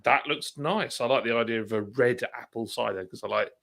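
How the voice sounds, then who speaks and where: A man talking in a casual chat among friends, his voice bright and forward. He halts and restarts his sentences as he goes. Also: lowish voice, little pitch movement, quick pace, creaky. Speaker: live stream co-host.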